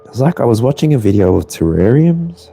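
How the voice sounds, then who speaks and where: An Australian man talks his way through a collective tarot reading in a loose, rambling, playful manner. His pitch swings widely and animatedly, and he slips into humming and chuckles. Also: big pitch swings, a little fast, gravelly, mellow, husky. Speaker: tarot reader.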